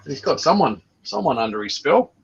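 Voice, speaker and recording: A man's voice: mid-range voice, very animated, brisk, slightly rough, muffled recording. A man co-hosting a livestream, joking and greeting viewers by name in casual chat. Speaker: livestream co-host reading out chat.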